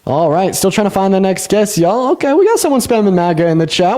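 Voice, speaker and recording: A young man hosting a casual livestream debate, talking fast, laughing and swearing, with sudden jumps up in pitch when he gets excited. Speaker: livestream host.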